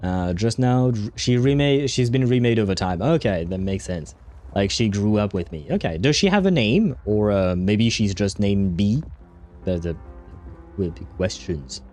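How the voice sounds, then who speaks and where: Lively, chatty male game streamer. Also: on the low side, normal speed. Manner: chatty, laughs often, occasional swearing, sudden bursts. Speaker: livestream host playing a game. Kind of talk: casual gameplay commentary.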